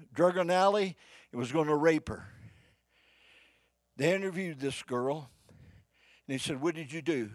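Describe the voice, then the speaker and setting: An older man preaches to his congregation in a folksy, fervent way, his fairly high voice leaping between shouts and near whispers. The pitch swings widely. The sound is close and dry, with little room echo. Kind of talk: sermon. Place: church before a live congregation.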